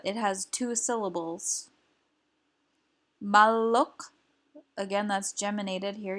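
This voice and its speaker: Slow, careful woman teaching. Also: mid-range voice, fairly bright tone. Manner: slow, careful explaining with fillers. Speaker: language teacher. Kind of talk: recorded lesson.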